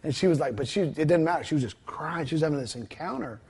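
A man's voice: fairly high pitch, expressive, fast talker, a little mellow. A man telling a ministry story in a conversational interview, retelling the dialogue with many fillers and restarts. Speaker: guest telling a ministry testimony.

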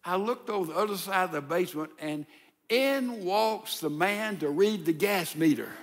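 A man voicing a flustered housewife who recounts her own embarrassing mishap, rushing breathlessly through it. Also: high voice, animated, long reverb tail, slight background noise. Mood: sheepish.

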